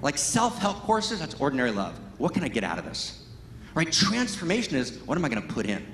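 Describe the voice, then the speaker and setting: A man giving an impassioned spiritual talk at a Sunday service, emphatic, constantly asking "right?" and swinging between loud exclaims and hushed, intimate lines. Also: a little high, wildly swooping pitch, brisk, a little hiss or hum. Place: large hall at a live Sunday service. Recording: echoey hall with long reverb.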